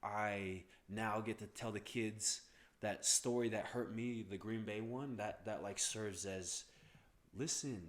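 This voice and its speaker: Podcast guest: man, thirties, lowish voice, lively casual storyteller who imitates others. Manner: animated, acts out quoted voices, stammers on restarts.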